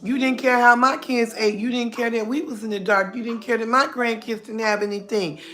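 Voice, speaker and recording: A woman's voice: on the high side, fairly even intonation, fairly quick, a bit bright, soft background music. Blunt middle-aged woman streaming live. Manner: blunt, talkative, greets viewers by name, laughs often. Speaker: livestream host. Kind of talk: casual livestream chat.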